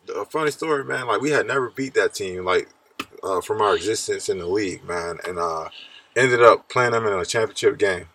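A man's voice: lowish voice, a little fast, bright, forceful tone, distant mic. A man in his thirties, a basketball player, talking laid-back in a podcast interview and saying "man" a lot. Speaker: guest, pro basketball player.

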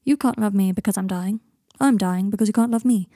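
A woman's voice: medium pitch, fairly quick, warm tone, dry recording, studio quality, lightly acted. A woman voicing a wry, self-mocking young man, speaking dryly and flippantly. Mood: quiet.

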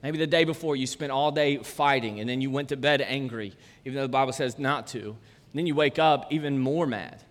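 A man's voice: mid-range voice, a little fast. A man, preaching a casual, conversational sermon full of jokes and chatty asides. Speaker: pastor. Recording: long church-hall reverb.

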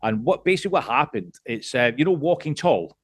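A man's voice: medium pitch, very animated, a little fast, slightly rough, no room sound, clean studio sound. A man in his late thirties, from Scotland, talking as a podcast guest in a casual chat. He rambles, restarts a lot and swears freely. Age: late 30s.

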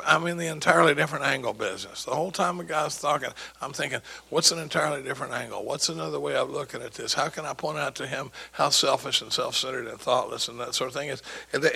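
The voice is a little high, creaky, husky, and sharp-toned, heard on a low-quality recording. The man is a recovery sponsor at a meeting, giving a rambling anecdotal talk with quoted dialogue and lots of false starts.

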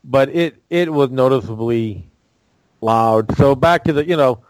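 Halting man talking sports. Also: medium pitch, dry recording, rough recording. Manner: halting, repeats words while thinking. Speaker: co-host. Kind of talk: casual sports talk.

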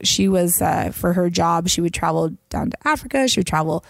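A woman's voice: lowish voice, lively intonation, fairly quick, gravelly, no room sound, studio quality. A woman in casual podcast chat, telling travel stories with lots of fillers and quoted voices.

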